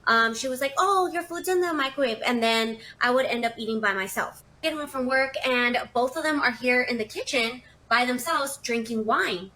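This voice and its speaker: A young woman tells a dramatic confession story as if it were her own. She talks casually and fills it with lots of "like"s, and her voice sits a little high and sounds bright and sharp. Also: moderate pace, hardly any pauses. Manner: chatty, dramatic, many fillers. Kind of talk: casual first-person storytelling.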